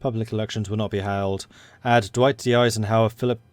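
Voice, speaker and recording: An excitable young Englishman rambling through commentary on a strategy game he is playing. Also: fairly low pitch, fairly quick, dry recording. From England. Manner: excitable and rambling, self-described hyper. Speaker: let's play host. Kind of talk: gaming commentary.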